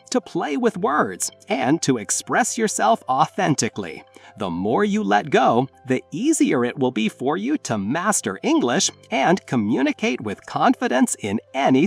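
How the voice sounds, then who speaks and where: Husky, animated English lesson narrator. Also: mid-range voice. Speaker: English teacher. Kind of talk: scripted narration.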